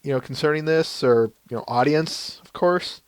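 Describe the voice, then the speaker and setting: Podcast host, man, Minnesotan accent, mid pitch, dry close sound, chatty with frequent restarts. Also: normal speed, clear, resonant tone, no room sound. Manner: chatty, laughing, restarts often. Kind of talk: casual live-stream podcast chat.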